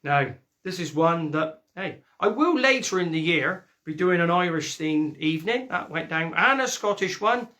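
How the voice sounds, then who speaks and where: A man's voice: a little high, expressive, pushed and bright. A man singing folk songs and chatting between them in a jokey way. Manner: sings folk songs, then chats fast and jokey. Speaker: singer and host.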